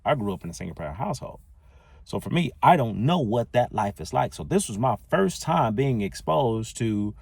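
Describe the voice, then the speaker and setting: A man hosting a solo podcast, telling a personal story in a casual, conversational, animated way. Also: mid-range voice, moderate pace, gravelly, breathy edge, dry recording. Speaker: podcast host.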